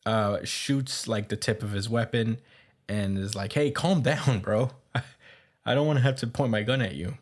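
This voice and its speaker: A man hosting a podcast, casually recapping a comic's plot with many fillers, stumbles and chuckles. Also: lowish voice. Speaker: podcast host.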